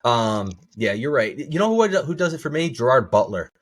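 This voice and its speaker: A man's voice: mid-range voice, sing-song, normal speed, breathy edge. A man co-hosting a podcast in casual chat, rambling and restarting his sentences. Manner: rambling, repeats words when starting. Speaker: podcast co-host.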